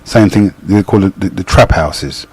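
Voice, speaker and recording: A man's voice: sits low, moderate pace, a little mellow. A man talking on a radio talk show, often stumbling and repeating words as he speaks.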